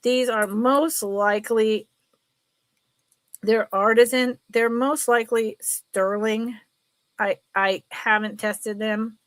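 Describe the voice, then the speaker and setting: A middle-aged woman chatting casually while selling jewelry on a live sale, telling stories in an animated way. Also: fairly high pitch, slow pace, dry recording.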